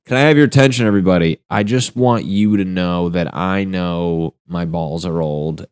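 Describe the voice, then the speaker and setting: A man's voice: sits low, normal speed, a little mellow, smooth, no echo, studio quality. A young man hosting a solo comedy podcast, rambling through crude jokes and laughing at his own punchlines. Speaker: podcast host.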